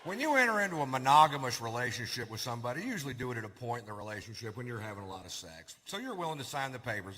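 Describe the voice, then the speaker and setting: A man working a stand-up set, drawling through his stories in a bright, slightly high voice. His mic is caught in a big live hall with a long reverb tail and a faint hum of room ambience behind him. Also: sing-song, racing, hardly any pauses. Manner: drawling, laid-back storytelling. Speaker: stand-up comedian. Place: theater stage before a live audience. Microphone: stage microphone.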